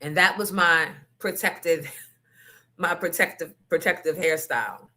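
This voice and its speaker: A woman's voice: fairly low pitch, measured pace, bright, forceful tone. A woman hosting a casual podcast chat, telling frank, profane stories with asides to her listeners. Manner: candid, profane storytelling with asides to the audience. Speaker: host.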